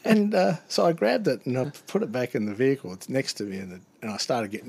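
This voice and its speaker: A man's voice: medium pitch, very animated, a little fast, vocal fry, breathy edge. A man telling a funny work anecdote in a casual chat, acting out the other voices and laughing often. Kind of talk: casual storytelling.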